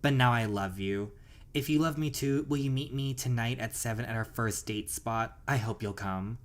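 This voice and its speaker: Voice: medium pitch, normal speed, natural voice. A gamer reading out the lines of an earnest, romantic young husband in a story game, in a tender, sincere delivery close to their own voice. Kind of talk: reading game dialogue aloud.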